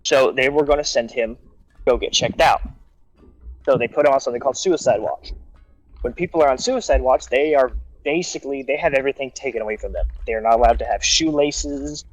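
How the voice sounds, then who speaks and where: A male guest storyteller rambles casually through an anecdote at a brisk pace and medium pitch, acting out quotes and restarting sentences. The recording is close, dry, and muffled, with no room sound.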